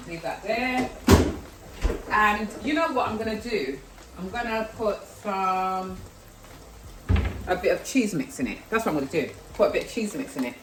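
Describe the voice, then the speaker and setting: A woman's voice: on the low side, background noise. A woman with a London accent chatting casually and self-deprecatingly while she cooks at home. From South London, England. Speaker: vlogger. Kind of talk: casual cooking vlog chat. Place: home kitchen. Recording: echoey kitchen, far from mic, sizzling. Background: frying and sizzling food.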